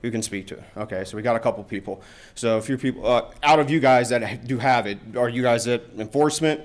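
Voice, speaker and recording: A man's voice: mid-range voice, fast. Casual man giving a conference talk. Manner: casual, filler-heavy, many "uh" and "you know". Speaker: conference presenter on email security. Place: university lecture room.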